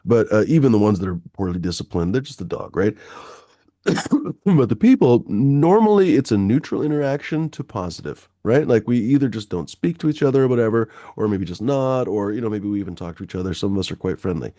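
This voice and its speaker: A man's voice: on the low side, brisk, no room sound, studio quality. A man telling a long personal anecdote in casual chat, swearing freely and full of fillers. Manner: profane, animated anecdote-telling with many fillers.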